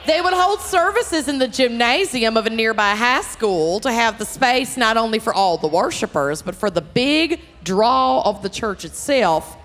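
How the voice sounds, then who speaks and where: A woman with a Minnesotan accent, co-hosting a live true-crime comedy podcast and presenting a case in an animated, joking way, calling out to the crowd. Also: fairly high pitch, moderate pace, few pauses. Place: live theater show. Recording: live venue with long reverb and faint noise.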